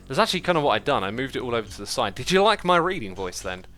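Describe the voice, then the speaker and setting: A man's voice: mid-range voice, big pitch swings, rapid-fire, hardly any pauses, sharp tone, soft background music. A man hosting a livestream, chatting casually and thinking aloud while he builds, reading out viewer messages as he goes. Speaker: livestream host. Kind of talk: casual chat while playing a building game.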